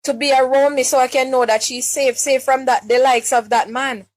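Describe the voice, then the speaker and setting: A woman's voice: sits high, steady tone, normal speed. Distraught Jamaican woman pleading. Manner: pleading, repeats words and restarts, questions her listeners. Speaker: distressed mother speaking on a live stream. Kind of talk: emotional live-stream plea.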